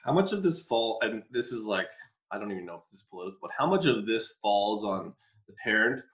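A man's voice: fairly low pitch, big pitch swings, quick pace, a bit bright, low-quality recording. A man co-hosting a podcast, talking loosely with "like" fillers and swearing. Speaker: podcast co-host. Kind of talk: casual podcast conversation.

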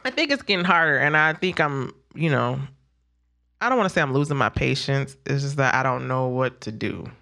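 Bright-voiced mother telling stories. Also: a bass voice, fairly quick, vocal fry. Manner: animated storyteller, laughs often, acts out her son's words. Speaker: guest, mother. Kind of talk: casual conversation.

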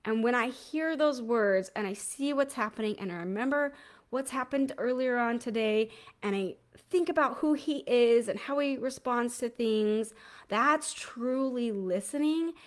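A woman's voice: a little high, a little slow. A woman in her thirties, a parenting host with a lingering cough, chatting informally and correcting herself as she goes. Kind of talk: casual solo talk to camera, live.

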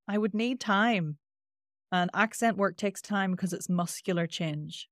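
A woman with a Northern Irish accent and a nasal twang, a voice coach explaining things in an interview with lively demonstrations. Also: medium pitch, moderate pace, dry recording, clean studio sound. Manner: animated, demonstrates with sung-out sounds.

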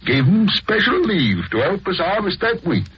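A chatty, folksy farmer from rural Buckinghamshire, with a lively voice that is very husky. It sounds dull and lo-fi, like an old radio drama. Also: male voice, high-pitched, normal speed, heavily acted. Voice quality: folksy, rustic. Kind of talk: 1940s radio acting.

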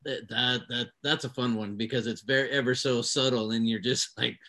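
A man casually recalling stagehand pranks in a relaxed, meandering way. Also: mid-range voice, moderate pace. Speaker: touring stagehand. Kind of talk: casual chat.

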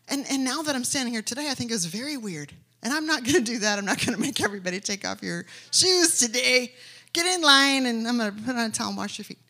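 A woman's voice: on the high side, fairly bright tone, slightly rough. A woman preaching a sermon, telling stories animatedly and rising to emphatic declarations.

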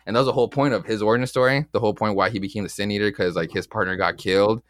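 A man's voice: lowish voice, fairly even intonation, racing, no room sound, clean studio sound. A man casually recapping comic book issues with his co-hosts, rambling and swearing freely as he acts out the lines. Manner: rambling, loose, swears often, acts out quotes. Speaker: podcast co-host.

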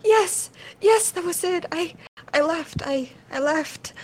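A high, sobbing young woman's voice , as a female narrator puts her on, stammering out slow, broken phrases. She sounds frightened and lost, a little distant from the mic. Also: fairly even intonation, dark tone, a little hiss or hum. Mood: desperate.

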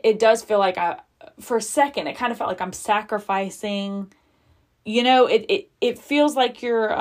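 A woman hosting a podcast, talking frankly and confessionally with lots of casual filler and frequent swearing. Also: mid-range voice. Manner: chatty with many fillers. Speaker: podcast host. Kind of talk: candid personal monologue.

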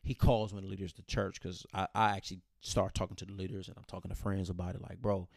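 Man, low gravelly voice, casual storytelling, repeats phrases, quotes others, dry close sound. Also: quick pace, no room sound. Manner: animated retelling, quoting others, repeating phrases. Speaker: storyteller sharing a personal story. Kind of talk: casual chat.

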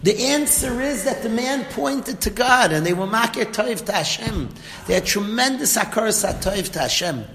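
Male Torah teacher, animated storyteller, high voice, long hall reverb. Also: normal speed. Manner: lively storytelling, acts out lines of the story.

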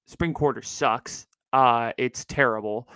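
A young man runs his own show in a chatty, slangy, upbeat way. His voice is smooth and resonant at a middle pitch. The sound is dry and close, recorded indoors at home. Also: slow, pushed and bright, dry recording, rough recording. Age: young adult. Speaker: podcast host. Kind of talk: casual chat. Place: indoors at his parents' house.

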